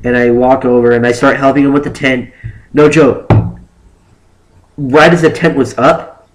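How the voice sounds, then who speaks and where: A young man telling a story casually on his vlog, animated and rambling, with lots of "like" fillers. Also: medium pitch, moderate pace, background noise. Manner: acts out exaggerated quotes of himself and others. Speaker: vlogger.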